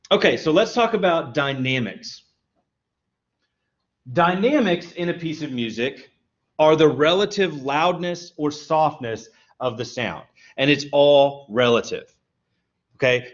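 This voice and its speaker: A man's voice: medium pitch, a bit bright. A man teaching a college music class, explaining terms step by step and often checking with "okay?". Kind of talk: classroom lecture. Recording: dull lo-fi lecture recording.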